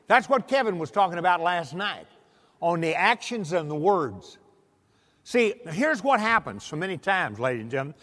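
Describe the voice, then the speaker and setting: A man's voice: high-pitched, very animated, normal speed, a bit bright. A man giving a folksy motivational speech to an audience, telling stories. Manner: folksy storyteller, acts out voices. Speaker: motivational speaker. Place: large hall with audience. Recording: hall reverb.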